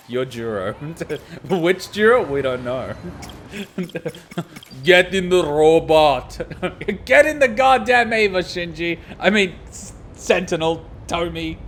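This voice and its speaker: Male let's-play host, slow-paced, excitable and swearing, faint hum behind. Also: mid-range voice. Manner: excitable, swears freely, laughs often. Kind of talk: casual game reaction commentary.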